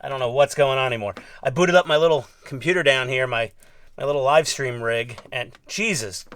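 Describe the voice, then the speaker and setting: Bright-voiced man with a New York accent. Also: mid-range voice, a little fast. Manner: rambling and self-deprecating, many fillers. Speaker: scale model builder. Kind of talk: casual workshop chat. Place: home hobby workbench.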